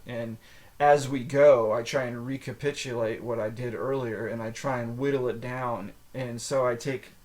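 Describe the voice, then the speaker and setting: American male podcast host, mid-pitched, loose rambling solo talk. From United States. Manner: rambling, filler-heavy, frequent restarts. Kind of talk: casual solo monologue.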